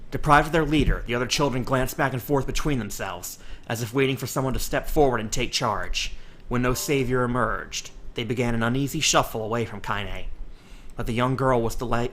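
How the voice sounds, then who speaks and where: A man reads a novel aloud in an audiobook style, with steady storytelling. His voice sits at a middle pitch and sounds bright and forward. Soft music plays faintly behind him. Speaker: audiobook reader.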